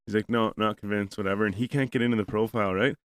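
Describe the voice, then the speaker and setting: A man's voice: fairly low pitch, fairly even intonation, racing, smooth. A man hosting a podcast, telling a rambling, profane story in casual chat and acting out both sides of a conversation. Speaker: podcast host.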